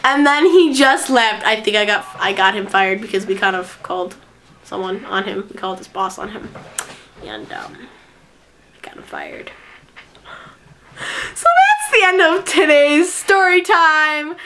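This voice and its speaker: A woman vlogger telling a storytime tale in excitable, giggly chatter. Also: high voice, measured pace, long pauses, heavy background noise. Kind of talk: storytime vlog.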